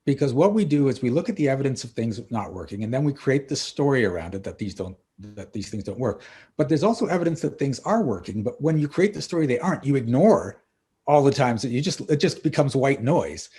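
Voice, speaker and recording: A middle-aged man, a coach and author, guesting on a podcast and telling lively stories, acting out the dialogue. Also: mid-range voice, a little fast, husky. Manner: animated storyteller acting out dialogue. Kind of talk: casual interview storytelling.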